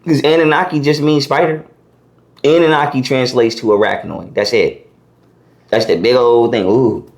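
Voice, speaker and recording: A man being interviewed, talking in a loose, profane, animated way as he lays out his ideas. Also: mid-range voice, moderate pace. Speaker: interview guest. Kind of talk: casual conversational interview.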